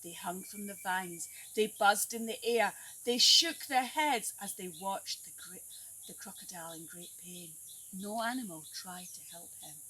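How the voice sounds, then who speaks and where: A woman teacher reading a picture book aloud to young children, animated and coaxing them to join in. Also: medium pitch, a little slow, breathy edge. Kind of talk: storybook read-aloud for children. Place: outdoors at a tree house.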